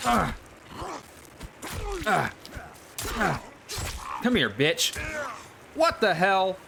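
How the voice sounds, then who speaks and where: A man doing live gameplay commentary on a desk mic at home, excitable and cursing as he yells at enemies. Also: high voice, drawn-out words, vocal fry, noisy background. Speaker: gaming YouTuber. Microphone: desk condenser mic.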